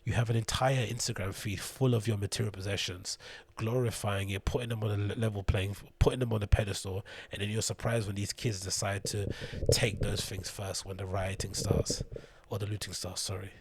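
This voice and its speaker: Husky low-voiced man ranting. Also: flat delivery, brisk, dry recording. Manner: rambling, profane, scornful. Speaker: show host. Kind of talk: solo commentary rant.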